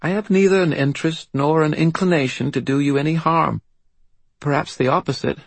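A man's voice: on the high side, fairly quick, gravelly, no echo, voice pushed up. A man voicing a serious, eerily composed little girl of about seven with a faint British accent, speaking steadily and formally. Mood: solemn, formal. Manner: steady, assured, formal and solemn.

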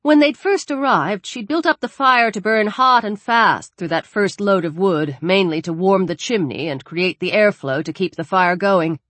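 A woman reading a horror story aloud in a measured, dramatic narrating style. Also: mid-range voice, a bit bright, no echo. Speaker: audiobook narrator.

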